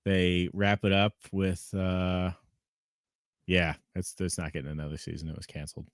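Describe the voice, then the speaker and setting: A man's voice: sits low, little pitch movement, normal speed, no echo. A man co-hosting a casual podcast chat, asking questions with dry, wry remarks. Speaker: podcast co-host.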